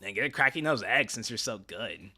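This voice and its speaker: Sivri dilli, alaycı genç bir kız, bir erkek yayıncı tarafından okunuyor; parlak ve keskin bir tınıyla, inişli çıkışlı, oyunbaz ve hızlı cevaplar veriyor. Görsel roman sahnesi gibi. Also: male voice, fairly low pitch, animated, normal speed, sharp tone, husky, exaggerated voice. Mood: teasing. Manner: snappy, playful teasing. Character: teasing teenage girl, sharp-tongued.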